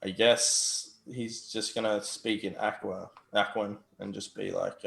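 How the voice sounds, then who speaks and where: Gravelly low-voiced man playing a tabletop game. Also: level tone, measured pace, hardly any pauses, fairly bright tone, roomy sound. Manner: laid-back, hesitant when planning. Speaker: player. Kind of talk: casual tabletop game play.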